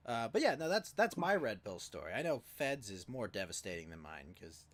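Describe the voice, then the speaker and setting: A man casually telling a profane, rambling story on a livestream, with lively acted quotes and many fillers. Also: lowish voice, fairly quick. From California. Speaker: podcast co-host.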